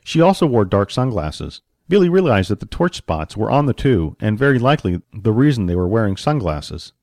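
Man narrating an audiobook, lively melodic delivery, mid pitch, dry close recording. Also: fairly quick, dry recording. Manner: expressive storytelling with varied pacing.

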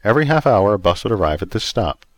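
Low, lively male storyteller. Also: quick pace, dry recording. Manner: expressive, acts out every character. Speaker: narrator. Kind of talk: storybook narration.

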